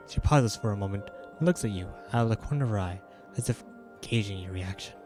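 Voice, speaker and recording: A man's voice: fairly low pitch, fast talker, warm tone, soft background music. A man streaming a video game, reading its narration aloud in a casual way, with joking asides.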